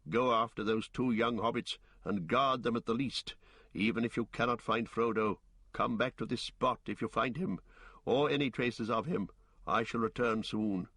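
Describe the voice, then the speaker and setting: A man's voice: mid-range voice, steady tone, moderate pace, fairly bright tone, breathy edge, no echo. A man voicing a grave male ranger leader who speaks sternly and with command.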